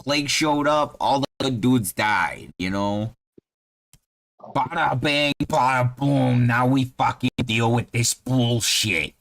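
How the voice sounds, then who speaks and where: A man voicing a brash male tough guy with a put-on Boston accent, loud and swearing. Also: mid-range voice, slow pace, creaky, no room sound.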